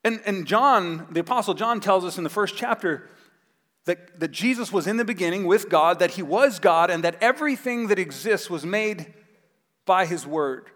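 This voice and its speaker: A man preaching a sermon as pastor, telling a Bible story with animated acted-out voices. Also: high-pitched, normal speed. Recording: long hall reverb.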